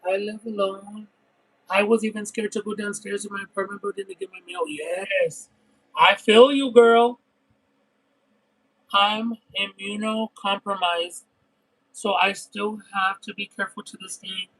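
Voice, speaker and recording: Over poor audio, a man with a high-pitched voice speaks unhurriedly while hosting a casual livestream. He eats, reads chat, and tells drawn-out, expressive stories thick with detail.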